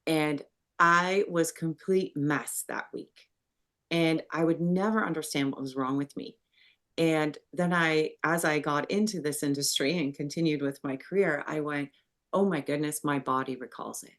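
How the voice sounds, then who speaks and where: A middle-aged woman hosting a podcast, speaking in a reflective, explanatory way and growing animated when she tells a story. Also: low voice, normal speed. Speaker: podcast host. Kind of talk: conversational interview.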